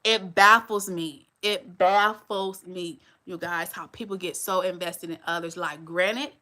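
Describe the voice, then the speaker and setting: A woman's voice: fairly low pitch, steady tone, unhurried, sharp tone. A woman in her forties hosting a live stream, talking bluntly and straight to her viewers. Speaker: channel host.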